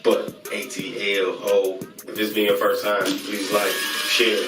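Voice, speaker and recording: A man from hosting his channel in casual hype commentary, breaking into chanted catchphrases between quick shout-outs. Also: on the low side, completely flat delivery, far from the mic. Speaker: YouTube channel host reviewing creators. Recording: roomy sound, voice a little off-mic, loud music behind. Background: music.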